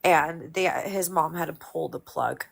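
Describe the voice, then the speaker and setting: A woman in her forties, speaking as a guest on a live stream, candid and emotional, talking haltingly. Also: low-pitched, gravelly. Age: 40s. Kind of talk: personal conversation.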